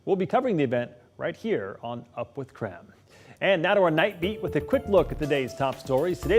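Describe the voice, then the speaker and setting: A male news anchor with a slightly high-pitched voice reads the late local news from a script. He keeps a steady, measured delivery, moving smoothly from one story to the next.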